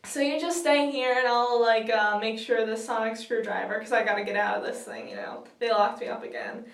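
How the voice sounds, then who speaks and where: A woman's voice: on the high side, steady tone, brisk, close to an everyday voice. A woman retelling a chatty man on a screen in an offhand, breezy voice much like her own. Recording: roomy, distant from the mic.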